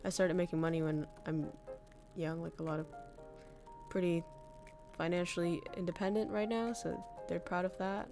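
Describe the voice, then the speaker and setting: A woman's voice: lowish voice, fairly even intonation, normal speed, pauses often, over music. A young woman from northern Vietnam, candidly chatting with viewers as a streamer, swearing freely and laughing often. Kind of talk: casual chat reading viewer messages.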